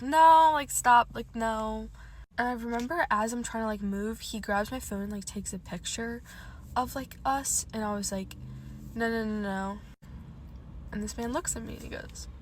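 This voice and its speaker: A young woman telling a casual storytime, animated, swearing often and using "like" a lot. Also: medium pitch, a little hiss or hum.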